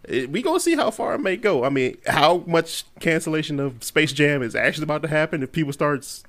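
Male podcast co-host, opinionated, leans on slow drawn-out words. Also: on the high side, sing-song, a bit bright. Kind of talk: casual podcast chat.

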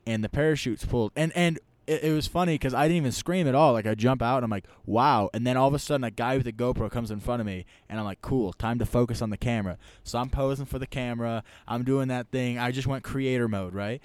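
A man telling a story in casual chat, rambling and animated, often tagging lines with "right?". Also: mid-range voice, fast, few pauses, clean tone, dry recording.

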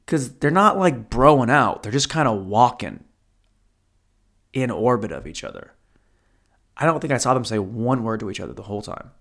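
A man's voice: mid-range voice, expressive, moderate pace, creaky, pauses often, a bit bright. Profane, rambling male stand-up comic. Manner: profane, rambling, self-deprecating. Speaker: stand-up comedian. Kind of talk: stand-up storytelling.

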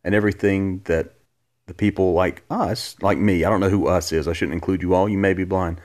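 A man's voice: low-pitched, steady tone, fairly quick, a little mellow. A man hosting a casual podcast from his living room, joking and rambling as he answers listener questions. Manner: joking, rambling, self-deprecating. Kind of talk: casual chat.

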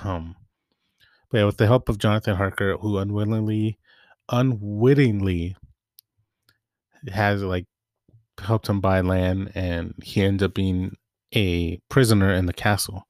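Deep-voiced man rambling about movies. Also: unhurried, long pauses, no echo, clean studio sound. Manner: rambling, self-correcting, relaxed. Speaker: movie vlogger. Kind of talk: casual movie recap.

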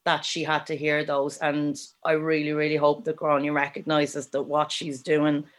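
Earnest woman, measured podcast talk. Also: sits low, monotone. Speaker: podcast co-host and story reader. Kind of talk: casual podcast discussion.

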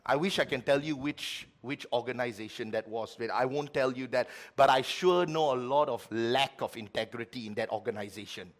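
A middle-aged man preaching a sermon as pastor, with lively swings between loud, emphatic lines and quiet ones. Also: medium pitch, normal speed, hardly any pauses.

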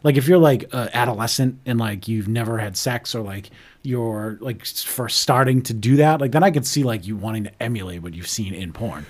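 A man's voice: mid-range voice, brisk. A man in casual chat who fills his speech with "like" while working through opinions. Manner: filler-heavy, lots of "like".

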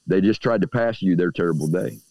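A man's voice: deep voice, a little fast, creaky, a little mellow, dry recording. A man talking as a guest in a casual podcast conversation about everyday magic, who smokes a cigar as he talks and acts out the people he quotes. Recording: dull, dry lo-fi audio.

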